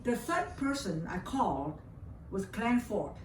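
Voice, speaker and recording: Speaking English as a second language with a Vietnamese accent, this older woman from Vietnam recounts a personal story as an interview guest, emotionally and with lots of repetition. Her pitch sits in the middle but swings widely, and she talks a little slowly. Faint hiss runs under a distant, roomy recording.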